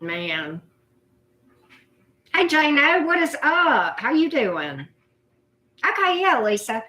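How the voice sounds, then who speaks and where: A woman's voice: high-pitched, very animated, takes it slowly, sharp tone. A woman, hosting a casual live chat, greeting viewers by name in a loose, self-deprecating way. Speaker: livestream host.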